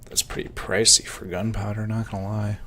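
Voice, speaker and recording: A man's voice: on the low side, flat delivery, a little fast, pushed and bright, a little hiss or hum. A man thinking aloud as he works out prices at his computer, muttering numbers, with hiccups. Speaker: Minecraft server admin. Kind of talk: casual working commentary. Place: indoors at a computer.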